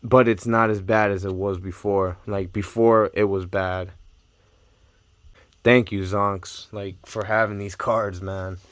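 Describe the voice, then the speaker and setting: Excitable young man, slow and dry. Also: on the low side, no echo. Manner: excitable, repeats exclamations of amazement. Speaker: card collector vlogger. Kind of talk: casual unboxing chat.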